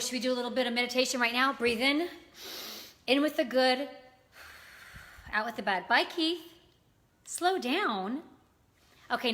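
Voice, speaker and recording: A woman's voice: a little high, sharp tone. A woman hosting a casual live stream, chatting with viewers, greeting them by name and talking with many fillers. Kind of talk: casual live-stream chat reading comments.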